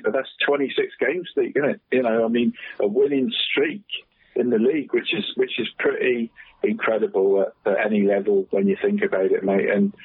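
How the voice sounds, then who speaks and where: A man's voice: mid-range voice, slightly rough, dry recording. Chatty man on a tinny phone line. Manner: chatty, says "mate" constantly. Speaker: podcast co-host. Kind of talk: casual football chat.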